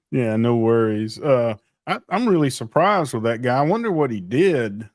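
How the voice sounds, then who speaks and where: A man's voice: mid-range voice, lively intonation, unhurried, no echo, clean studio sound. A man who is a guest on a live stream, chatting casually and laughing easily. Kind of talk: casual chat.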